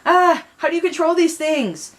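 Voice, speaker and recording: A woman's voice: medium pitch, a little fast, close to an everyday voice. Girl putting on a hyper little boy time-traveler, yelps a lot. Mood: excited. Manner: loud, yelping, overexcited. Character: excitable young boy time-traveler hero.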